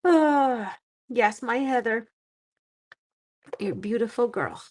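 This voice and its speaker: Slow-talking emotional woman. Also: on the high side. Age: middle-aged. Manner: chatty, warm-hearted, emotional and teary. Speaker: livestream crafting host. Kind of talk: casual live stream chat while crafting.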